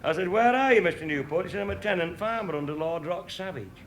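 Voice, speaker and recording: A man's voice: a little high, quick pace, fairly bright tone. Man, comic storyteller, earthy, dry, swears freely, noisy recording. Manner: dry, earthy, swears casually, chuckles at own jokes.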